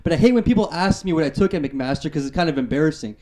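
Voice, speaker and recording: A young man from Canada works through a stand-up set, his voice sitting a little high. He snaps out one-liners with confident timing. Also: lively intonation, rapid-fire, a little mellow. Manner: punchy one-liner delivery. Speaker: stand-up comedian.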